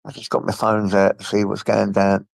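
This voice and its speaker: Gravelly man with a blocked nose. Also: fairly low pitch, completely flat delivery, normal speed, dry recording. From England. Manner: chatty, rambling, talks to his pets between chat. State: blocked nose, coming down with flu. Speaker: livestreamer. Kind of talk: casual live stream chat. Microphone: phone.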